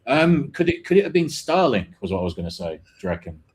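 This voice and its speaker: A man's voice: mid-range voice, big pitch swings, fast, slightly rough. A man with a British accent, a podcast co-host who tells a rambling story and swears casually. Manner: rambling, swears, hedges his claims.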